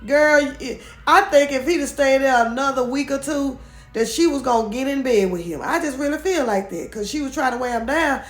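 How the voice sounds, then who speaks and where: A woman's voice: sits high, a little fast. A woman recapping a show for her viewers in a casual, gossipy, opinionated way, with lots of restarts. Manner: chatty and opinionated, many restarts, talks straight to viewers. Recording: echoey room.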